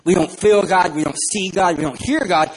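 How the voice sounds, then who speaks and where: A man's voice: sits high, moderate pace, breathy edge, low-quality recording. A man from San Diego, California, giving a humorous sermon as a guest preacher and telling self-deprecating stories about himself. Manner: self-deprecating, joking storyteller. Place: church.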